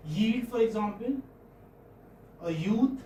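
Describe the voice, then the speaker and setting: Man, indian english accent, classroom lecture, high-pitched, echoey room, distant mic. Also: expressive, dark tone, slight background noise. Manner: halting, repeats words, checks in with students. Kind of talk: classroom lecture on phonetic transcription. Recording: roomy classroom audio from far off.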